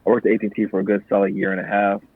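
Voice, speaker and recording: A man's voice: rapid-fire, slightly rough, dry recording, phone-quality sound. A young man and Marine veteran, a podcast guest, telling his story casually with plenty of swearing and acted-out customer voices. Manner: profane, animated storyteller who acts out customers in higher voices. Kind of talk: casual conversational interview.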